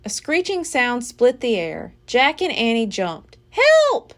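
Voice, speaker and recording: A woman reading a children's book aloud as a library storyteller, with an expressive, dramatic delivery. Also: fairly high pitch, unhurried.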